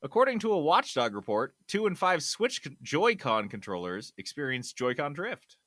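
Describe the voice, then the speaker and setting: Animated male gaming podcast host. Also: fairly high pitch, normal speed, dry recording, studio quality, soft background music. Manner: animated, hyping news items with loud bursts. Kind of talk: casual chat.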